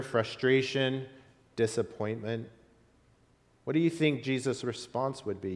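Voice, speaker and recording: Male pastor delivering a sermon with storytelling emphasis, mid-range voice, recorded with a long echoing reverb. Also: medium pitch.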